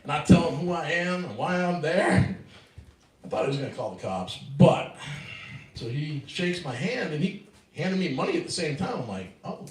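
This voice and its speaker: A man's voice: a little high, sing-song, normal speed. A middle-aged man doing a loose, laughing stand-up set at an open mic, then chatting with the host. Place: small open mic venue. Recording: roomy, distant mic with faint noise.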